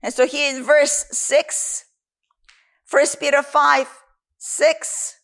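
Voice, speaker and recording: Slow, high-voiced woman preacher. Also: little pitch movement, fairly bright tone. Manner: slow, emphatic, scripture-quoting. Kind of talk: sermon.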